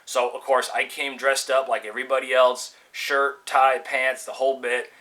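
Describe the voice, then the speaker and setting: A man from California telling a personal story casually, animated and swearing freely as he acts out the people in it. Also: medium pitch, moderate pace, low-quality recording. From California, USA.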